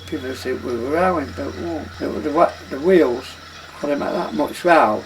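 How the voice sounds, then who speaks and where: A man's voice: on the high side, brisk. An older man, reminiscing in plain dialect about his travelling life in a loose, rambling way. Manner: plain dialect speech, loosely strung recollections. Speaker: interviewee recalling travelling life. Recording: noisy documentary recording.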